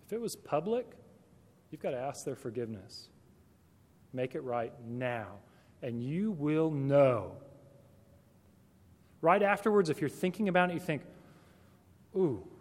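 A man's voice: a little high, darkish tone. A man speaking directly to teachers in a conversational talk, full of rhetorical questions. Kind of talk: talk to Christian educators. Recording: long hall reverb.

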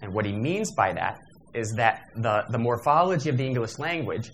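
A man's voice: mid-range voice, animated, normal speed, a bit bright, a little hiss or hum. A man giving a workshop lecture in a discursive, digressive manner, with fillers and self-corrections.

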